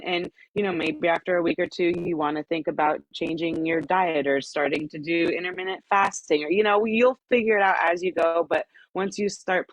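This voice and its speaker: A woman's voice: fairly low pitch, no echo, rough recording. A woman on a group video call, giving encouraging, reassuring advice to her team.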